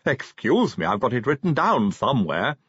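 A man's voice: mid-range voice, sing-song, normal speed, a bit bright, breathy edge, no room sound. A man voicing a deferential male Igor assistant who keeps saying sir politely, in a slightly muffled recording. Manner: politely fussy, says sir a lot.

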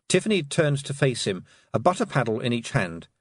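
Man reading a story aloud, very lively up and down, husky voice, dry close sound. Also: medium pitch, fairly quick, few pauses, dry recording. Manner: expressive storytelling. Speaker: audiobook narrator. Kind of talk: scripted narration.

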